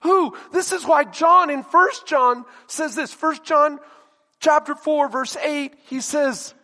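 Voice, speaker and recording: A man's voice: very high-pitched, slow pace, bright, forceful tone, big-room sound. A male pastor preaching a sermon, emphatic and questioning his congregation directly.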